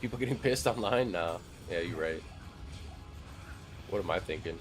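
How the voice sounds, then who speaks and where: Deep-voiced man, casual game-stream chatter, rambling with lots of fillers, faint music behind. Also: animated, normal speed. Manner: rambling, loose, heavy on "like" fillers and swearing. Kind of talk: casual live-stream chat while gaming.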